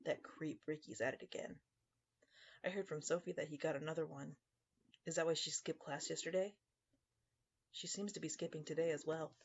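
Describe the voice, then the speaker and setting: A man voicing a teenage schoolgirl gossiping in a hushed voice. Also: fairly high pitch, steady tone, moderate pace, vocal fry, pauses often, slightly rough, dull audio.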